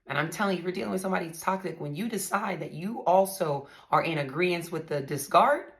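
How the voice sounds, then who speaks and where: Talking at a quick pace in a fairly low voice, a woman podcast host delivers a candid monologue about her own life. She speaks bluntly and emphatically, straight to her listeners.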